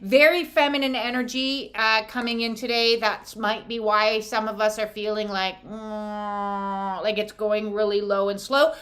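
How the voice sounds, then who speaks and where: A woman's voice: medium pitch, level tone, measured pace, a bit bright. A middle-aged woman giving a casual spiritual card reading, chatty and blunt, swearing freely and laughing often. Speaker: oracle card reader.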